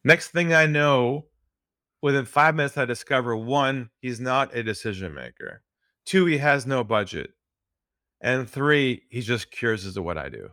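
A man's voice: animated, normal speed, sharp tone, no echo. Male podcast guest, sales trainer; earnest storyteller, dry booth sound. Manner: earnest, drops his voice low for stories.

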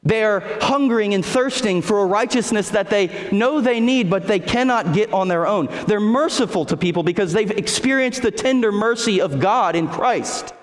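Male pastor with a high voice, earnest emphatic sermon delivery, long echo of a church hall. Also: expressive. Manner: earnest preaching with slow, emphatic repetitions. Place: church sanctuary.

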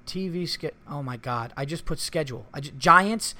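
A man's voice: fairly high pitch, moderate pace, bright, forceful tone. A man hosting a solo podcast, rambling casually, cursing often and getting exasperated. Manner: rambling, profane, easily exasperated. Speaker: comedian podcast host.

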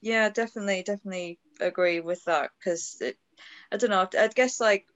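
A woman's voice: mid-range voice, brisk, dry recording, dull audio. A woman from North East England, a podcast guest chatting casually with dry, self-mocking humor. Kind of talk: casual chat.

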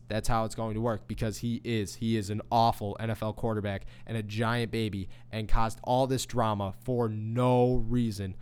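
A man's voice: medium pitch, darkish tone, smooth. A young man hosting a sports podcast, delivering a heated, scornful solo rant with lots of repetition.

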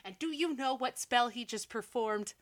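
A young woman with a higher voice co-hosts a podcast at a moderate pace. She animatedly recaps a movie in casual chat, tossing in sarcastic asides and laughing often.

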